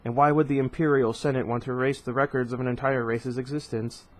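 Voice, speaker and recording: A man voicing an oily, smoothly polite male alien politician who sounds skeptical. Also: mid-range voice, flat delivery, quick pace, close to an everyday voice.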